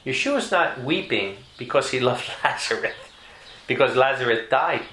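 A man preaching a sermon with emphasis, repeating key phrases and climbing in pitch to stress a point. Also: expressive, moderate pace, pushed and bright, a little hiss or hum. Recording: echoey room.

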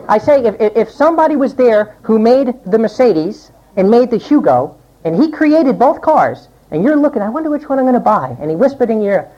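A woman preacher delivering a sermon and reading scripture aloud, acting out quoted voices with big swings in pitch. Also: big pitch swings, brisk, dark tone. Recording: dull lo-fi recording.

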